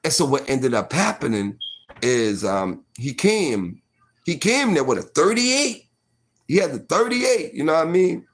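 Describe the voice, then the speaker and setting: A man's voice: on the high side, very animated, measured pace. A man in his forties telling a personal story casually, full of fillers like "you know what I mean".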